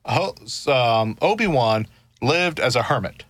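A man talks through his ideas in a relaxed discussion, circling back and restarting as he builds each point. His voice is bright and forceful, and it sounds dry and close to the mic. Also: medium pitch, unhurried, no room sound. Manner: earnest, explains at length with many restarts. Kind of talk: casual discussion.

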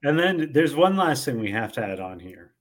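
Measured man explaining on a podcast. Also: medium pitch, big pitch swings. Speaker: podcast co-host. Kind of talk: casual recap chat.

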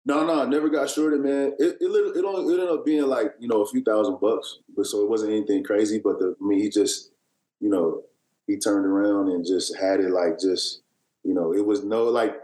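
A man's voice: on the low side, fairly even intonation, brisk, dark tone, echoey room, rough recording. A man in his thirties, a basketball player telling a long, meandering story with lots of fillers and restarts, as a guest on an interview show. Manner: rambling, filler-heavy storytelling with many restarts. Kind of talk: casual storytelling.

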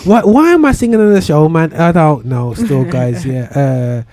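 A man's voice: on the high side, normal speed, dark tone. A man hosting a radio show in casual chat, playful and rambling, full of slang and restarts.

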